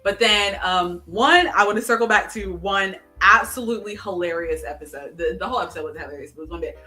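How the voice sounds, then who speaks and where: A woman co-hosting a casual chat, excitedly retelling a TV episode and acting out its dialogue. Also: mid-range voice, fast, echoey room, far from the mic, soft background music. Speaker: podcast co-host. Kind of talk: casual chat recapping a TV show.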